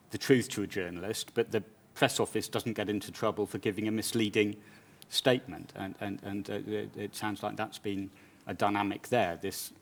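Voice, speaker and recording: A British man, a journalist interviewing a guest on stage, speaking in a measured, reflective way with some stammered restarts. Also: lowish voice. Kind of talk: conference interview.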